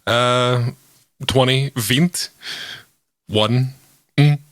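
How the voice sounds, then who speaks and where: Slow-talking middle-aged man. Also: medium pitch, fairly even intonation, a bit bright, dry recording, clean studio sound. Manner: slow, halting, laughing easily. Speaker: podcast co-host. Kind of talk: casual live podcast chat.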